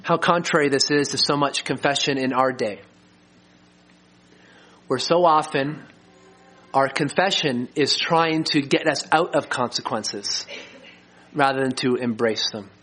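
A middle-aged man preaching a sermon as a pastor, earnest and slowing down to stress key lines. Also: medium pitch, bright, forceful tone. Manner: earnest, slows for emphasis.

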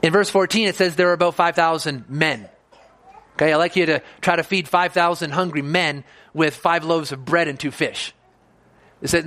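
High-voiced man preaching a verse-by-verse sermon. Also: normal speed, long pauses, a bit bright. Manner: earnest, explaining scripture verse by verse. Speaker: pastor.

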